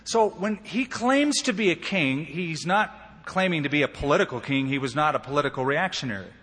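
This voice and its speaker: A pastor preaches with emphasis, his fairly high voice jumping up whenever he acts out a quoted line. His words ring through a large hall with a long, trailing reverb. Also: expressive, brisk, fairly bright tone, slightly rough. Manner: emphatic preaching, acting out quoted lines with rising pitch. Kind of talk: sermon.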